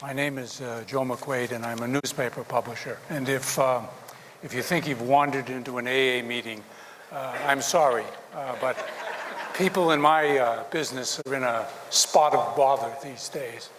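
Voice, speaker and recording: A man's voice: mid-range voice, fairly even intonation, normal speed, big-room sound, noisy background. A middle-aged man, a newspaper publisher, giving an after-dinner speech with dry jokes and hesitant fillers.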